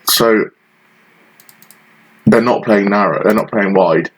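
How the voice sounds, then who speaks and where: A man's voice: lowish voice, slow, slight background noise, rough recording. A man giving frustrated, sarcastic play-by-play commentary over a football management game he is playing. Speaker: gaming channel host.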